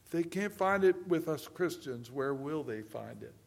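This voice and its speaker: An older man preaching a sermon, moving between hushed personal stories and loud, emphatic preaching. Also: on the high side, lively intonation, moderate pace, creaky. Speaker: pastor.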